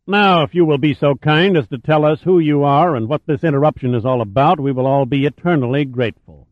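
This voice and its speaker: A man's voice: medium pitch, expressive, brisk, no room sound, close to an everyday voice. A man voicing a sarcastic, arrogant older male admiral who talks down to people in an audiobook reading. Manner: sarcastic, condescending. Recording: tinny phone-like audio.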